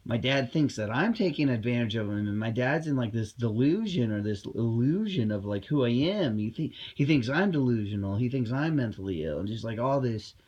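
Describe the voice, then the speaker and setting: A man's voice: medium pitch, animated, brisk, few pauses, a little mellow, dull audio. A man talking in a casual vlog monologue, rambling and heated, with many fillers and restarts, recorded at home. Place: at home indoors.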